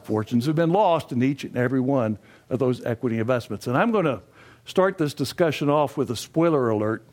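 Older man, folksy classroom instructor, mid-pitched voice, asks the room questions. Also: animated, brisk, a little mellow. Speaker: financial education instructor. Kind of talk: classroom lecture.

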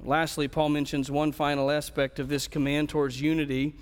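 A man preaches an earnest expository sermon, often restarting his phrases. His voice sits a little high for a man. Long reverb trails after him through the hall. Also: flat delivery, brisk, clean tone. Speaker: pastor.

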